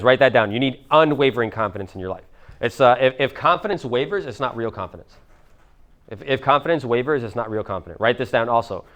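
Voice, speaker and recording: Fast-talking young man coaching a seminar. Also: medium pitch, a bit bright, muffled recording. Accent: Miami. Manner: casual, profane, fast, many fillers like "like" and "bro". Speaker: business coach. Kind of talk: live seminar talk to an audience.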